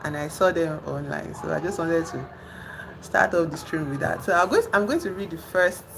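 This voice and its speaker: A woman with a slightly low voice hosts a relaxed livestream, chatting loosely and filling pauses. She teases her silent chat. A steady hiss of background noise sits under her voice. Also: vocal fry. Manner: chatty, trails off with fillers, teases an unresponsive chat. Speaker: live streamer.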